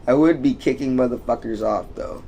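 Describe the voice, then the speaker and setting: Here a young American man streams, his medium-pitched voice dark in tone and fairly quick, over slight background noise. He rants and tells stories casually, swearing a lot and rambling with many fillers.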